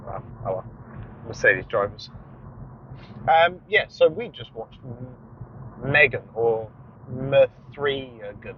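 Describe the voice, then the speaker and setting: A man's voice: mid-range voice, expressive, slow, long pauses. A man co-hosting a podcast in casual, easygoing chat, swearing now and then, while driving a car. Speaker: podcast co-host. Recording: dull lo-fi recording with faint car noise.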